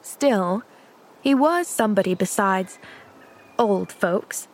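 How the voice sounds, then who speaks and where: A woman narrating a children's classic as an audiobook, with gentle, measured storytelling. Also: mid-range voice.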